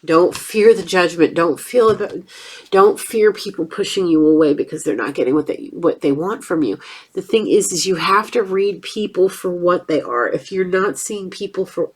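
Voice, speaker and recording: A woman's voice: fairly low pitch, moderate pace, breathy edge. Stuffed-up woman doing a blunt tarot reading. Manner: chatty, blunt, swears casually. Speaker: tarot reader.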